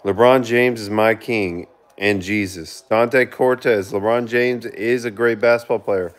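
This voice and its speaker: A man hosting a casual live stream, reading viewer comments aloud and giving shout-outs, earnest with sudden excited outbursts. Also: fairly low pitch. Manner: reads chat aloud and gives quick shout-outs. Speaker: livestreamer reading viewer chat.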